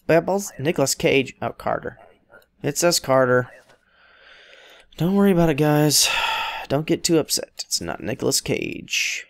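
A man's voice: fairly high pitch, lively intonation, unhurried, vocal fry, long pauses, no echo. A man casually commenting on his own gameplay, rambling and joking as he talks to the characters on screen. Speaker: let's play host.

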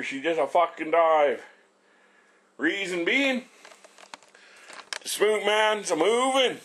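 A man's voice: sits high, animated, takes it slowly, pauses often, a bit bright. A middle-aged man rambling and swearing nonstop while he shows off his small house and cooks. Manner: blunt, swears constantly, rambling. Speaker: vlogger. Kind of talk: casual profane ranting vlog.

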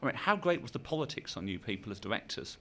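A man's voice: mid-range voice, big pitch swings, fast talker, a bit bright, slight background noise. A man hosting an interview, asking chatty, eager, rambling questions. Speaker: interviewer, host.

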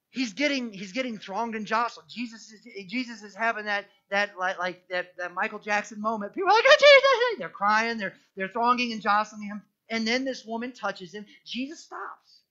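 Bright-voiced pastor, lively and chatty. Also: male voice, high-pitched, muffled recording. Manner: lively, conversational, jokey storytelling with many restarts. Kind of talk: sermon. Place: church.

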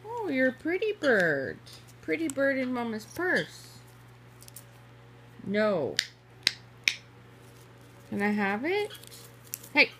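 A woman's voice: sits high, wildly swooping pitch, slow, long pauses, a bit bright, slight background noise. A woman at home talking to her pets in playful, teasing baby talk. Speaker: pet owner.

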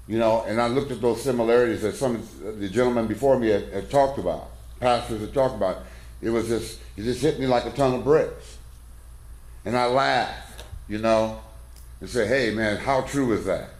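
A middle-aged coach speaks at a men's conference in a church hall, telling a rambling, folksy story that pokes fun at himself. His voice is medium in pitch, at a normal speed, with a somewhat dark tone. The room sounds echoey, and the talk is casual.

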